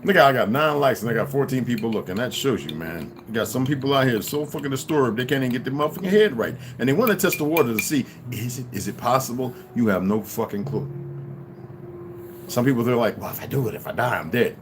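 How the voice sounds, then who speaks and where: A man's voice: medium pitch, lively intonation, fast talker, noisy background. A man in his fifties giving a blunt, profane, rambling livestream monologue, often repeating words and restarting sentences. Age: 50s. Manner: profane, blunt, stream-of-consciousness.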